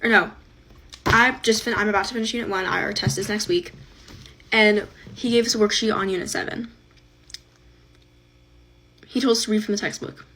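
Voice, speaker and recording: A woman's voice: medium pitch, fairly even intonation, moderate pace, pauses often, fairly bright tone, slight background noise, rough recording. Young college girl ranting bout her teacher, little clicks in the background. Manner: exasperated complaining. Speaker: student. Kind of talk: casual vlog rant.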